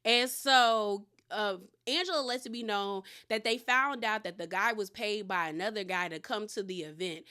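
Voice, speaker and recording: Woman chatting thru a reality show recap, slangy, easygoing, regular pitch. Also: moderate pace, few pauses, sharp tone, clean tone. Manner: chatty, slangy, retells scenes with quoted lines. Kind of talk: casual episode recap.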